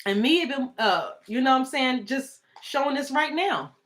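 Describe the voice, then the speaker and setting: A woman's voice: high voice, animated, normal speed, fairly bright tone. A woman talking casually and emotionally in a live video, rambling and indignant as she defends her partner.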